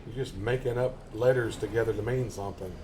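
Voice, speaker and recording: A man's voice: on the low side, fairly even intonation, quick pace, background noise. A man chatting casually as a gaming live streamer, folksy and rambling, chuckling often. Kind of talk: casual chat over gameplay.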